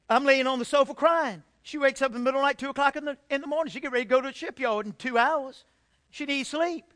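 A middle-aged pastor preaches his own testimony in a high-pitched voice. His tone is bright and forward, and he swings between loud emphatic bursts and hushed confessions. The delivery is plainly that of a sermon.

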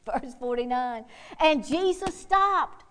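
A woman preaching a sermon with fervor, whooping and calling out hallelujahs, swinging from quiet asides to loud, bold exhortation. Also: high voice, lively intonation, takes it slowly, clear, resonant tone. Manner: fervent, punctuated by whoops and hallelujahs.

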